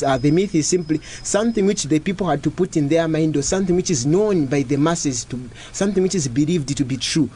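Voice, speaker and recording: A young man hosting a radio show in a casual, steady way, repeating himself and talking straight to his listeners. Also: on the high side, a little hiss or hum. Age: young adult. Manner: repetitive, steady, addresses listeners directly.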